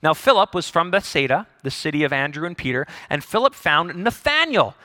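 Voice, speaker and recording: A male pastor preaching a sermon, telling the story in an animated way with jokes and acted-out voices. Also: a little high, fairly quick, dry recording, clean studio sound.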